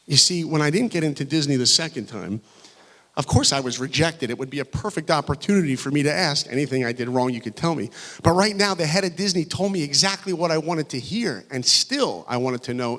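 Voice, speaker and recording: A man giving a motivational talk to high school students, telling his story with animation and acting out the dialogue. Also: expressive, fast talker, a bit bright. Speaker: guest speaker. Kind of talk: motivational speech. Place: large school hall.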